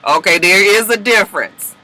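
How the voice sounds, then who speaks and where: Animated man recapping a TV episode. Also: high voice, dry recording. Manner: animated, profane, mimics characters in quick asides. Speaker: TV recap reviewer.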